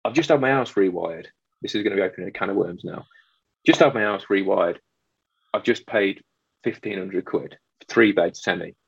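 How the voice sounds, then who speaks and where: Man, electrician, casual storytelling, acts out both voices, raspy, gravelly. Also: low-pitched, normal speed, no echo, dull audio. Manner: animated storyteller acting out both sides of a dialogue. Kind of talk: casual chat, telling a work story.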